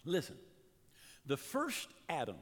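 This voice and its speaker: Male pastor, high bright voice with wide swings, preaching with fervent builds, long hall reverb. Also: wildly swooping pitch, slightly rough. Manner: fervent preaching with dramatic pauses and emphatic builds. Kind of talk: sermon.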